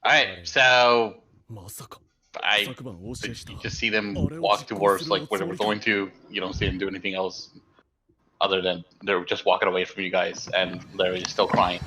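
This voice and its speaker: A man's voice: deep voice, little pitch movement, normal speed, noisy background. A man running a casual tabletop game as dungeon master, rambling with lots of fillers and frequent laughs.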